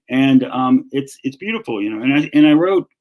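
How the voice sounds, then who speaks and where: A man's voice: medium pitch, expressive, moderate pace, darkish tone, rough recording. A man in his fifties or older with a Southern American accent, a guest author telling his story in a casual, rambling interview with many restarts. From North Carolina.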